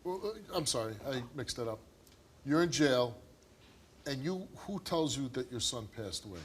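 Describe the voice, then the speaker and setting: Direct middle-aged talk show host. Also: male voice, mid-range voice, lively intonation, normal speed, a little hiss or hum. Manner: direct, probing questions. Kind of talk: interviewing guests. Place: television studio.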